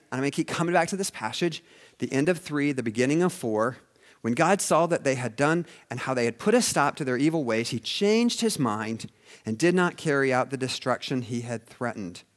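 A male pastor delivers a sermon in a medium-pitched voice, alternating between loud emphasis and hushed asides.

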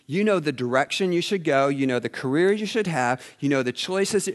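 A man preaching a sermon as a pastor, swinging between loud emphasis and hushed asides. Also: a little high, animated, moderate pace.

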